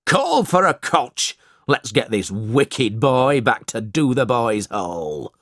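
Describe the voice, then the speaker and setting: A man playing a gloating brute of a schoolmaster, barking and sneering, slow, rough-edged, storybook voice. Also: fairly low pitch, wildly swooping pitch, dry recording, studio quality, full character voice. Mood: bullying. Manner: bullying, shouting.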